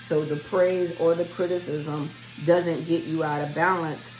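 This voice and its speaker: A woman's voice: sits low, flat delivery, measured pace, a little mellow, soft background music, poor audio. A woman giving a spiritual reading in a casual solo vlog, chatty and rambling as she talks straight to her viewers. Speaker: spiritual reader.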